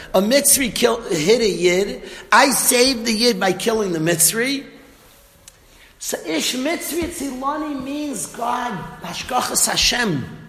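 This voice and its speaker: A man, giving a lively Torah talk and acting out lines of the story. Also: very high-pitched, roomy sound, in a large hall. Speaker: Torah teacher.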